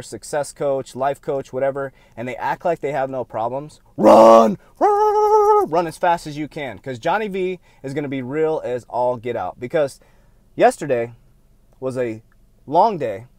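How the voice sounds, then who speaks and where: A man coaching his viewers in a candid vlog, pressing his points with repetition and jumping from loud bursts to hushed confessions. He sounds short on sleep, at a middle pitch. The recording is dry, with no room echo. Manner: emphatic and repetitive, swinging from loud bursts to quiet admissions. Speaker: motivational speaker and success coach.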